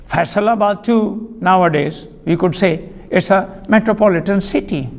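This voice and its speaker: A male teacher giving a classroom vocabulary lesson, speaking deliberately, spelling out words and repeating sentences for dictation. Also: high-pitched, creaky, big-room sound.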